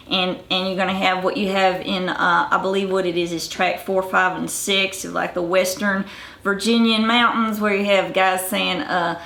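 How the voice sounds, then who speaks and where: Bright-voiced Southern woman explaining dialects. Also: medium pitch, steady tone, moderate pace, gravelly. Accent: Southern American. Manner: informal, many fillers and restarts, blunt asides. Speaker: dialect researcher. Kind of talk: casual explanation to camera. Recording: echoey room.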